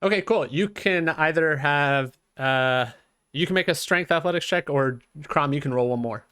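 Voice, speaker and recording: Game master, male: slightly high voice, dry close sound, halting narration. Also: bright, forceful tone, smooth, no echo. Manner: hesitant, with many fillers and restarts.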